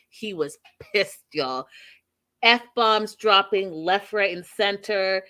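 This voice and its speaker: Bright-voiced woman hosting a chatty recap. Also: mid-range voice, slow pace. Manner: chatty, emphatic, addresses listeners directly. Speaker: podcast host recapping a reality show. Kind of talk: casual recap commentary.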